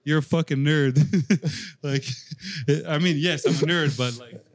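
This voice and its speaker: A man's voice: on the high side, a little slow, no echo, studio quality. Laid-back profane metal drummer, man. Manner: loose, profane, laughing. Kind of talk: casual backstage chat.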